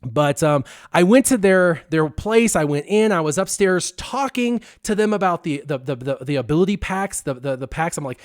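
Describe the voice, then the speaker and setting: A man hosting a gaming channel, telling a story to his viewers in a casual, excitable and animated way, stressing words for effect. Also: fairly high pitch, fairly quick, few pauses, no echo, clean studio sound.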